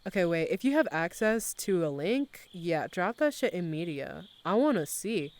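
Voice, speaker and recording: A woman's voice: fairly low pitch, very animated, normal speed. A young adult woman streamer chatting casually with her live chat, using lots of slang and laughing often.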